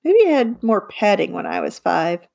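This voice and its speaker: A woman narrating a children's audiobook in the first person, with lively, girlish storytelling. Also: mid-range voice, normal speed, creaky. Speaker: audiobook reader.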